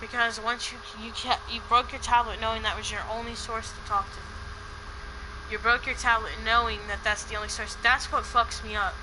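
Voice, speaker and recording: A woman's voice: a little high, little pitch movement, fairly quick, noisy background. A woman in a heated personal argument on a call, talking in an upset, repetitive way and swearing.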